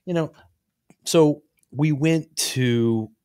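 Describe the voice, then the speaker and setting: A man's voice: fairly high pitch, extremely slow, a little mellow, dry recording, studio quality. A man co-hosting a podcast, telling a long, rambling, profane anecdote in casual chat and acting out the quotes. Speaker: podcast co-host. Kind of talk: casual storytelling.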